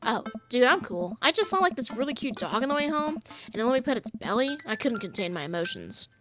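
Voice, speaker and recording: A woman's voice: on the high side, a little fast, over music. Woman reading as a cheeky teenage girl. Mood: teasing. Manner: teasing, deadpan quips. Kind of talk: reading game dialogue aloud.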